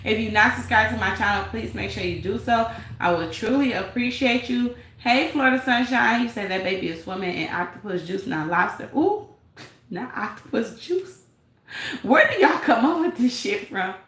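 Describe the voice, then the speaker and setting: A woman's voice: a little high, lively intonation, normal speed, a bit bright, echoey room, rough recording. A woman hosting a live stream, reading chat and gossiping in a sassy, laughing way. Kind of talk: casual live chat commentary.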